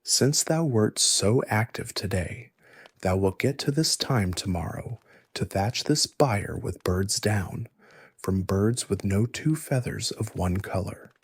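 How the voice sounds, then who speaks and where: A man voicing a demanding giant who sets hard tasks, speaking slowly and softly in old-fashioned words, in soft ASMR storytelling. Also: lowish voice, husky, no echo, studio quality, exaggerated voice. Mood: stern. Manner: slow, hushed, formal old-fashioned speech. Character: demanding male giant, gruff taskmaster.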